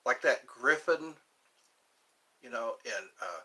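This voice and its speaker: A man's voice: mid-range voice, lively intonation, slow, bright, forceful tone, slightly rough, low-quality recording. A man hosting a live stream, rambling casually and answering viewers' comments.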